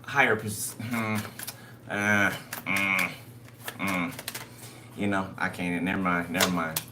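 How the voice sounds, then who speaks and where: A man's voice: low-pitched, steady tone, slow. A man giving a casual spoken tarot reading, loose and conversational, who keeps checking in with his listeners. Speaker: tarot card reader. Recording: noisy recording.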